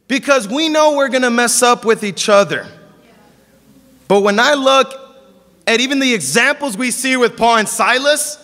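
A young man preaching a sermon, telling stories and acting out the dialogue with lively energy. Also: sits high. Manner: animated storytelling, acting out dialogue. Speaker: pastor. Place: church service in a hall. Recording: long reverb of a hall.

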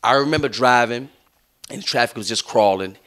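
A man's voice: medium pitch, a little fast, a bit bright. A young adult man hosting a podcast. He tells a long story in loose, profane, laughing chat and acts out the other people's lines. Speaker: podcast host.

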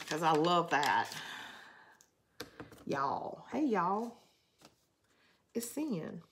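A woman's voice: lowish voice, sing-song, extremely slow, slight background noise. A woman with a Southern US drawl, hosting a craft channel in rambling, chatty talk while she answers viewer comments. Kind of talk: casual live crafting chat.

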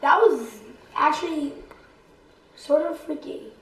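Family vlog host mom, playful fan-mail reader, unhurried, echoey room. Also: female voice, high voice. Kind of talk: reading fan mail aloud. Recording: roomy home echo.

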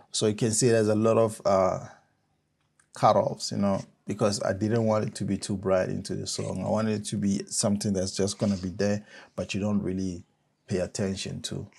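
Gravelly low-voiced man explaining beats. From South Africa. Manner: relaxed, explains step by step. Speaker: music producer. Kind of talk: casual software tutorial.

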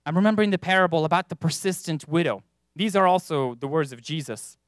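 A man's voice: a little high, no room sound. Earnest preaching man, dry sound. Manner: earnest, with emphatic rises and drawn-out stresses. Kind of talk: sermon. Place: church.

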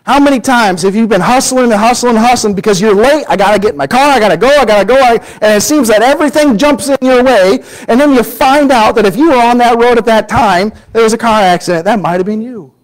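Man preacher, higher voice, lively sermon delivery that swings between raised quotes and quiet emphasis. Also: fairly quick, hardly any pauses, rough recording. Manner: animated storytelling, acting out quoted voices, drops to a near-whisper for emphasis.

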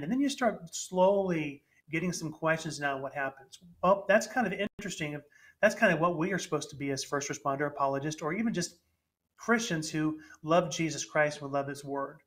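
A man's voice: fairly high pitch, a bit bright. A middle-aged man giving an informal sermon talk online, conversational and full of restarts. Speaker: speaker, Christian apologist. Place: home, presenting online with shared screen.

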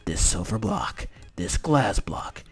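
This is whispered role-play: a grand, solemn male movie-trailer narrator, put on by a man, speaking in a breathy, hushed whisper. The voice sits very low and unhurried. Each phrase is drawn out like an epic announcement. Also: sing-song, full character voice.

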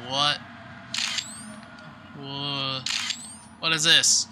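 A man giving live commentary while playing a horror game, jumpy and quick to exclaim and swear at every scare. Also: fairly high pitch, animated, noisy background. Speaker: let's play host.

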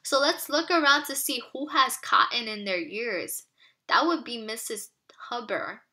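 Woman teacher, children's read-aloud, expressive and questioning, slightly high bright voice. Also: a little slow.

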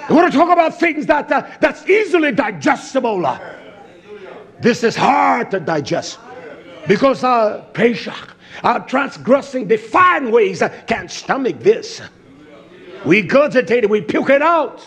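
A man preaching a fiery sermon, blunt and cursing freely, swinging from shouts to hushed tones. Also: high voice, animated, moderate pace.

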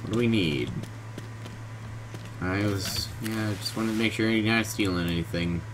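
A man giving casual gameplay commentary, low-key and monotone, groggy from just waking up, in his bedroom. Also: normal speed. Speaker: gaming video host. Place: hot bedroom with a fan. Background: fan and keyboard noise.

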